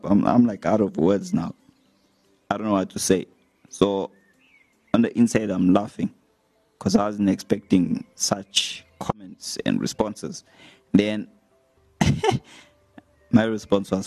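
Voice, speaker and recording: A young man talking casually to his viewers as a vlogger, retelling comments with animated, laughing delivery. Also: lowish voice, slow, gravelly, pauses often, no echo, faint music behind. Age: young adult. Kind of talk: casual storytelling to camera.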